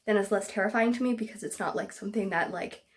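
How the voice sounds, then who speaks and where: A woman talking casually in a book vlog, husky and sick with a cough, rambling with many "like" fillers. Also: medium pitch, fast. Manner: rambling, full of "like" fillers, animated rants. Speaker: book vlogger. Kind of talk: casual chat. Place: indoors at home.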